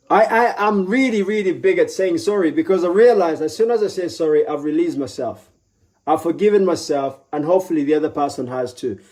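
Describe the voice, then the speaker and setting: Man, motivational speaker, live talk, mellow tone, slightly high voice, acts out self-talk, conversational. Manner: animated, acts out his own inner voice; conversational, asks for agreement with repeated tags.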